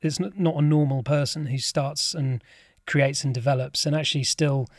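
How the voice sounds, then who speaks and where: A man who is a company chairman, telling his story as a podcast guest in relaxed, self-deprecating chat. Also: fairly high pitch, moderate pace, dry recording, studio quality. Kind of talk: casual interview chat.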